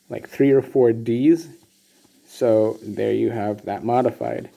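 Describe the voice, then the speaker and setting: Relaxed, slow-talking male Sanskrit teacher. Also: mid-range voice, creaky. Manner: relaxed, many ums and restarts. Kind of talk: explanatory lesson with slides.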